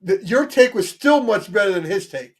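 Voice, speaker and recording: A man with a high-pitched voice co-hosts a casual sports talk show. He rambles animatedly, doubling back on his words and restarting sentences as he builds his point. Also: expressive, moderate pace. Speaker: sports podcast co-host.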